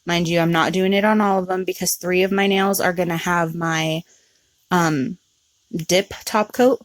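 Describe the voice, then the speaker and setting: A woman hosting a nail art tutorial, talking through each step in a relaxed, chatty way with frequent ums. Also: on the low side, measured pace, no room sound. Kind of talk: casual step-by-step tutorial narration.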